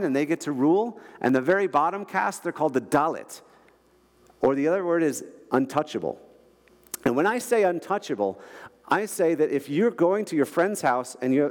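A man preaching to a congregation, his fairly high voice carrying through the long reverb of a large hall. He tells stories with emphatic energy, often tripping over and repeating words as he pushes ahead. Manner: storytelling, emphatic, repeats words when excited. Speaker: guest speaker. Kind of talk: sermon.

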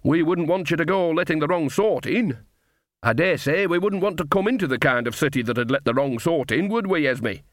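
A man's voice: a little high, expressive, a little fast, dry recording, clean studio sound, pitched above the performer's own voice, close to an everyday voice. A man doing a jolly, bawdy old witch. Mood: teasing.

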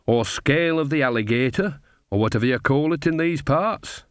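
A man's voice: medium pitch, normal speed, clean tone, no room sound, clean studio sound, pitched above the performer's own voice, close to an everyday voice. Nanny Ogg, a man doing a hearty old witch. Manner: hearty and coaxing. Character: jolly, bawdy old woman witch.

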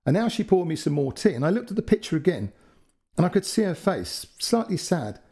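A man narrates a true first-person story into a close podcast mic, chatty and full of asides. His voice is husky and mellow, with a lively, rising and falling pitch. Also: brisk.

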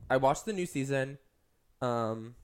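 A man's voice: medium pitch, measured pace, smooth. A man co-hosting a podcast in casual chat, rambling with lots of "like" and "um". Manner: rambling, heavy use of "like" and "um". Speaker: podcast co-host.

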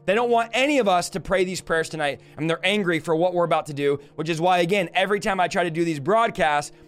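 Young male minister, high voice, earnest rapid teaching, soft music bed. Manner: earnest, fast teaching with lists and rhetorical questions. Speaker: deliverance minister. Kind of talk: livestreamed teaching.

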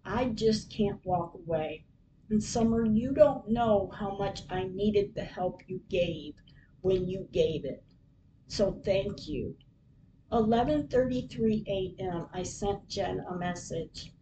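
A middle-aged woman reading her personal diary aloud as a podcast host, in an earnest, heartfelt, unhurried and prayerful way. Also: lo-fi sound. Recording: distant mic with steady low rumble.

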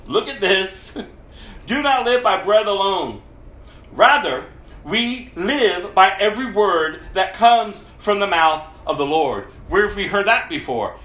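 A man preaching a sermon as pastor, animated, laughing often and mimicking whiny voices. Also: sits high, echoey room, rough recording.

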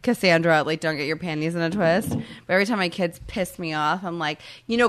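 A woman's voice: fairly low pitch, brisk, a little hiss or hum. A woman in her thirties co-hosting a casual podcast, joking, swearing freely and laughing often. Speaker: podcast co-host. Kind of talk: casual chat.

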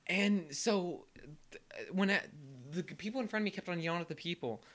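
A young man co-hosting a casual sports chat, an animated storyteller who loudly mimics yelling fans. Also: sits high, brisk. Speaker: co-host.

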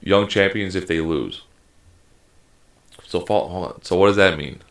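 A man's voice: deep voice, a little slow, fairly bright tone. A man co-hosting a casual sports chat, talking heatedly and emphatically with lots of swearing. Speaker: podcast co-host.

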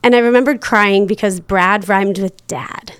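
A woman guest in a casual interview, chatty and quick to laugh, full of fillers. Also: mid-range voice, clean tone, no room sound. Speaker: podcast guest.

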